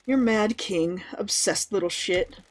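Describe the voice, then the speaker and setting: A woman reading aloud the lines of an ancient, weakened god who judges visitors, in a measured way. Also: mid-range voice, close to an everyday voice. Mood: aloof.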